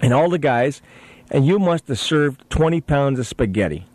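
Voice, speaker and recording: A man's voice: mid-range voice, lively intonation, moderate pace, darkish tone, dry recording. A man hosting a radio interview, joking and teasing his guest, sometimes talking while eating. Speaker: radio host. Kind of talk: casual radio interview chat.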